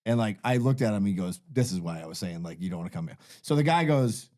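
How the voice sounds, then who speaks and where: A man's voice: fairly low pitch, animated, fast talker, a little mellow. Profane man spinning a yarn. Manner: profane, rambling storyteller. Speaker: guest. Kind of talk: casual podcast storytelling.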